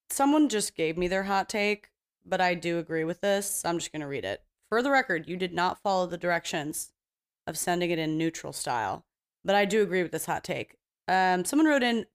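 A woman hosting a podcast on her own in casual chat, rambling and blunt, swearing freely and mocking herself. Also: medium pitch. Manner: self-mocking and playfully opinionated. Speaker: podcast host.

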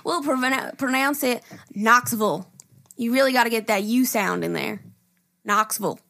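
A woman's voice: fairly high pitch, normal speed, creaky, a bit bright. A woman co-hosting a casual podcast, reading listener emails aloud, laughing often and swearing casually. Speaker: podcast co-host.

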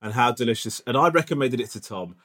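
A man's voice: mid-range voice, lively intonation, a bit bright. Man bantering on a comedy podcast. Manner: teasing, jokey banter with quick restarts. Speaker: podcast co-host. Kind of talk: casual comedic chat.

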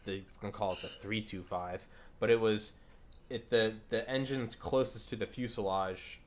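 A man's voice: on the low side, fairly even intonation, moderate pace. A man hosting a podcast in casual chat. He rambles and swears with enthusiasm. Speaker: podcast host.

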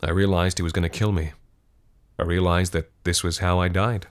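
A man reading a scripted horror story in a measured, grim manner. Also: sits low, level tone.

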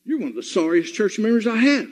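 A man's voice: sits high, very animated, fast talker, a little mellow. A man preaching a sermon, scolding his congregation in a fiery, repetitive way. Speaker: pastor. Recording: dull, reverberant hall recording.

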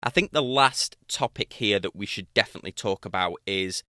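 Bright-voiced British man hosting a chat. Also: on the low side, fairly quick, no room sound, clean studio sound. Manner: earnest, thoughtful, with small restarts. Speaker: podcast host, watch reviewer. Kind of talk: casual podcast conversation.

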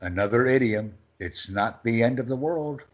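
A man teaching English phrases in a lesson, reading each phrase slowly and with emphasis for his student to repeat. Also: medium pitch. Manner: slow and emphatic, phrases stressed one by one.

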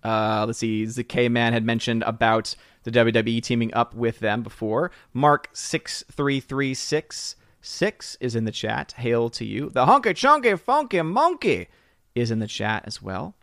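A man's voice: mid-range voice, animated, unhurried, fairly bright tone, no echo, clean studio sound. A man hosting a casual live stream, greeting viewers by name and reading chat comments. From southern United States. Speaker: livestream host.

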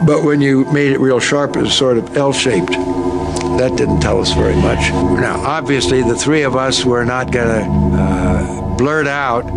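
An older man recalling events in an archival interview, reflective and halting with fillers. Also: medium pitch, vocal fry. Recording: archive interview with music underneath.

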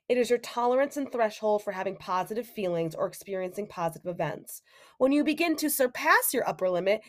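On her solo podcast, this young adult woman sounds on the high side with a fairly bright tone. Her chat is casual and animated, with quoted remarks and inner voices performed aloud.

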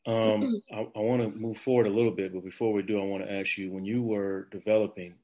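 Host role: very low voice, gentle, probing interviewer. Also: steady tone, a little fast, rough recording. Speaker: podcast host. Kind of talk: interview questions.

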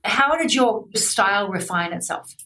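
Excitable woman interviewer, off-mic. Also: medium pitch, unhurried, distant mic. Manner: chatty, excitable, swears casually. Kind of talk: casual interview chat.

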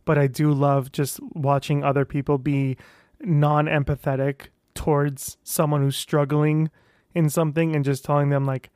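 Animated man talking close and dry. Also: fairly high pitch, normal speed, dry recording. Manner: animated, self-talking, acts out quoted voices. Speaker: vlogger sharing weight-loss surgery journey. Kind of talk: casual monologue.

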